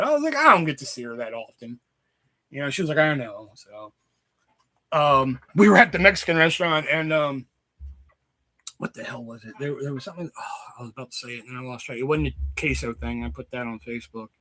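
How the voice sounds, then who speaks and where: Bright-voiced sick man telling a story. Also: on the high side, expressive, brisk. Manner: rambling, swears often, acts out quoted voices loudly. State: sick with a fever. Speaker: streamer. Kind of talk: casual livestream storytelling.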